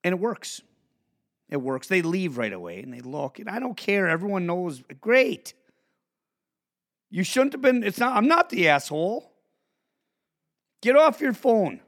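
A man hosting his own podcast, ranting in a profane monologue that swings from low mutters to shouts. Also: sing-song, normal speed, long pauses. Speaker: podcast host.

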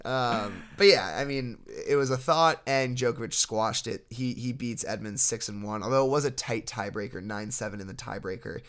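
A young man co-hosting a sports podcast, breaking down matches in a relaxed, analytical way with frequent restarts. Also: medium pitch, normal speed, few pauses. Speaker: podcast co-host. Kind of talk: casual sports podcast chat.

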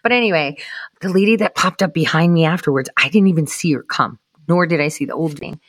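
A woman with a lowish voice tells a personal story in a chatty, cursing way. She slips into whispered asides now and then, and the recording is close and dry, with no room sound. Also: fast talker, no echo. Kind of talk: casual anecdote.

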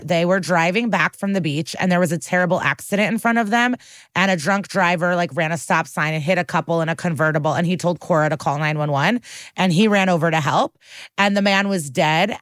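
A woman with a lowish voice co-hosts a podcast, recapping a TV episode in a chatty, profane way and acting out the characters' lines. The recording is studio quality with no room sound.

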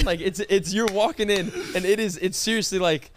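A man's voice: sits high, a little fast. A young man co-hosting a podcast, trading casual banter and throwing in absurd jokey asides with stammering restarts. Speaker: podcast co-host.

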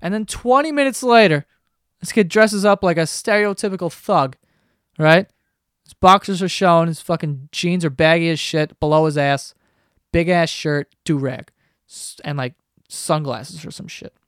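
A man's voice: fairly high pitch, normal speed, smooth, no echo, clean studio sound. A man hosting a podcast, ranting casually with lots of swearing and sarcasm. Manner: profane, sarcastic, animated ranting. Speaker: podcast host.

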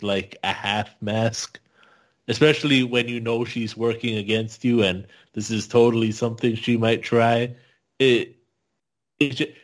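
A man co-hosting a podcast, giving a thoughtful, hedging take with frequent fillers. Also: medium pitch. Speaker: podcast co-host. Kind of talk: casual podcast discussion.

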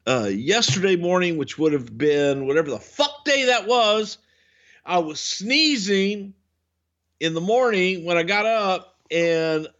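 A man co-hosting a podcast, telling stories in a casual, profane way and swinging between low grumbling and loud outbursts. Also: expressive, a little slow, highs cut off. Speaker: podcast co-host, wrestling veteran.

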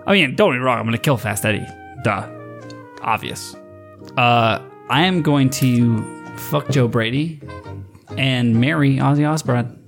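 A man's voice: mid-range voice, unhurried, gravelly, long pauses, faint music behind. A man hosting a podcast, joking and crude in casual banter with his guests. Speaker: podcast host.

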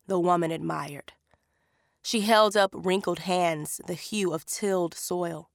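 A woman narrating an audiobook story in an unhurried, measured way. Her voice sits fairly low and has a gravelly edge. The recording is dry and close. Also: no echo.

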